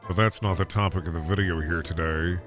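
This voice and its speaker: A man putting on a slow, low, drawling voice for a lazy male cartoon cat. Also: steady tone, music in the background, lightly acted. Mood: droning. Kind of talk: comic voice impression.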